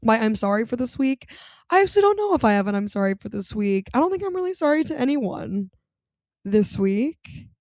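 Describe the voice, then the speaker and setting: A woman's voice: on the high side, very animated, fairly quick, a little mellow, no room sound. Chatty campy young woman host. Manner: chatty, campy, sarcastic asides with frequent laughs. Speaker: podcast host. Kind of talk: casual comedic monologue.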